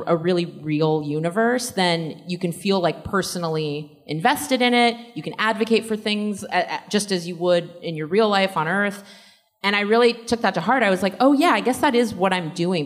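A woman answering fan questions at a convention panel in a casual, rambling way, laughing often. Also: on the low side. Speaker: panel guest actor.

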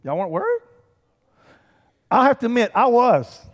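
A man, preaching a lively, conversational sermon with humor and calls to the congregation. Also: extremely high pitch, normal speed. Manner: animated, conversational preaching with humor and audience call-outs. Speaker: pastor. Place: church sanctuary. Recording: church hall reverb.

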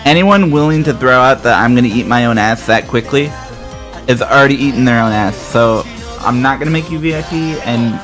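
A man's voice: mid-range voice, brisk, a bit bright, soft background music. A man giving live commentary while playing a game and answering his chat with sarcastic remarks. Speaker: game streamer.

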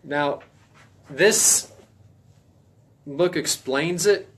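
A man teaching a casual Bible study in a folksy, emphatic way, now and then stressing phrases loudly. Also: on the high side, very slow.

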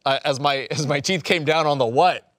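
A man's voice: fairly high pitch, a little fast, a bit bright, no room sound, clean studio sound. A man hosting a food review podcast in casual chat, rambling with many fillers and laughing often.

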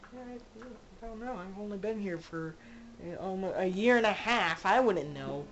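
A woman's voice: medium pitch, animated, a little slow, rough recording. A woman giving casual let's-play commentary, rambling and joking as she talks to her game characters. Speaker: gamer playing a zombie survival game.

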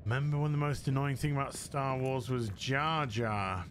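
A man's voice: mid-range voice, normal speed, slight background noise. A man giving casual let's-play commentary as a gaming host, muttering to himself and swearing now and then.

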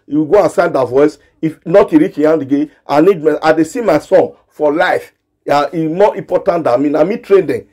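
High-voiced nigerian pidgin guy ranting and scolding, dark mellow tone. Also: moderate pace. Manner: scolding, repetitive, direct address. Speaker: gossip commentator. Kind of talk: ranting commentary.

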